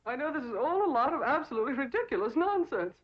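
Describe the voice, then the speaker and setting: An actress playing a prim, flustered secretary with a crisp manner. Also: female voice, high voice, big pitch swings, quick pace. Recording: dull old TV sound with crowd noise.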